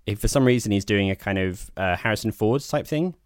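Low smooth-voiced guy rambling wryly on a film podcast, dry close mic. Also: a little fast, dry recording. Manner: rambling, wry, full of restarts. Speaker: podcast co-host. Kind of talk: casual film review chat.

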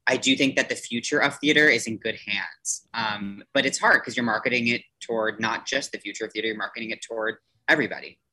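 Bright-voiced chatty man in his thirties. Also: mid-range voice, quick pace, few pauses, poor audio. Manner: rambling, many restarts and fillers. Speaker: theater performer guest. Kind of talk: casual podcast chat.

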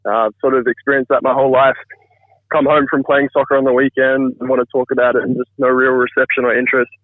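Over a tinny, dry phone line, a man in his thirties calls in to share a funny family story that went viral. His medium-pitched voice moves little in pitch, and he talks fast, chatty and self-deprecating, with no room sound.

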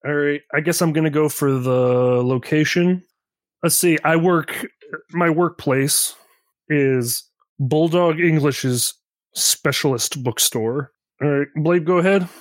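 A man with a somewhat high voice, recorded close and dry. He rambles casually as he walks his friends through the game setup and rules in a loose, offhand way. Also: slow pace, no echo. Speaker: player guiding the game setup. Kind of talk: casual tabletop game chat.

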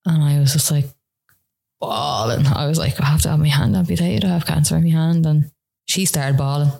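A woman's voice: sits low, brisk, gravelly, mellow, husky. A woman, a guest telling a hard personal story with lots of fillers and restarts. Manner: tearful retelling with many fillers, earnest. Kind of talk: personal story in a podcast interview.

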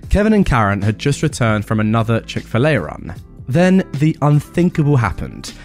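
A man's voice: mid-range voice, sing-song, moderate pace. Guy telling a story, lots of snark and jokes, voice bouncing all over, faint music behind. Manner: sarcastic, comic asides. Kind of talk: storytelling narration.

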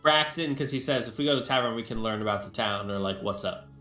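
A man's voice: medium pitch, quick pace, pushed and bright. A man playing a tabletop game, easygoing as he describes his character's actions. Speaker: player. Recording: echoey room with faint music.

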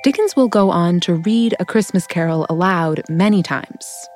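A woman hosting a podcast, giving measured scripted narration. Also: lowish voice, a little mellow, faint music behind. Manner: measured, storytelling. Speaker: podcast host.

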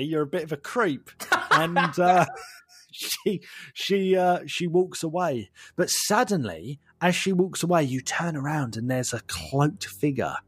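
A husky-voiced man runs a tabletop role-playing game, his pitch swinging widely as he narrates slowly and playfully. He laughs often between lines. Faint music plays in the background. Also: dry recording. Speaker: game master.

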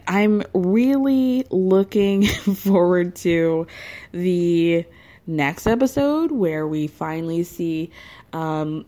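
A woman hosting a podcast who recaps events in a gossipy, animated way and laughs often. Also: lowish voice. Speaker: podcast host. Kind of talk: casual recap monologue.

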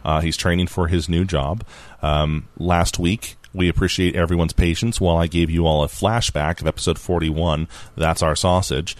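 A man's voice: sits low, steady tone, moderate pace, no echo. A man hosting a podcast, chatting casually, laughing easily and reading out listener feedback. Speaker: podcast host.

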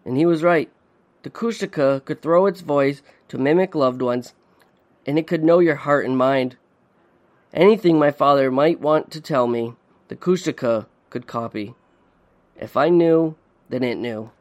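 A man hosting a podcast, reading a dark story in measured, suspenseful narration. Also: fairly high pitch. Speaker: podcast host.

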